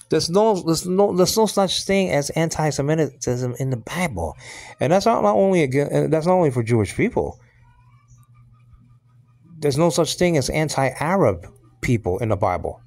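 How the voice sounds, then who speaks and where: A man's voice: medium pitch, darkish tone, no room sound. A middle-aged man teaching a casual Bible study, rambling with many fillers, repeated asides and restarts.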